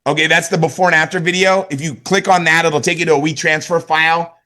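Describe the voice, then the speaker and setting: A man with a fairly high voice rattles through a motivational sales training at a quick clip. He speaks conversationally and keeps checking in with his listeners as he coaches them. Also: fairly even intonation, pushed and bright. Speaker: network marketing sales trainer.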